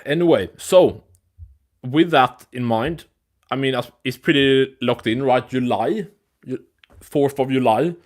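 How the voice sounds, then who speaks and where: A man's voice: medium pitch, measured pace. Rambling, profane male live streamer. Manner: rambling, loose and profane, with frequent restarts and fillers. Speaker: host of a live MMA news stream. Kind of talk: casual live-stream chat.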